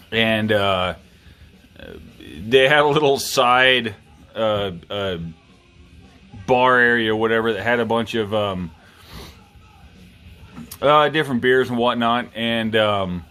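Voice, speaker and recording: A man who has clearly had a few drinks hosts his own review video. He drawls slowly, swears constantly and cracks jokes at his own expense. Faint music plays somewhere behind him. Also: medium pitch, pushed and bright. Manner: drunk, rambling, profane, self-mocking. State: tipsy. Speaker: knife review vlogger. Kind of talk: rambling casual chat.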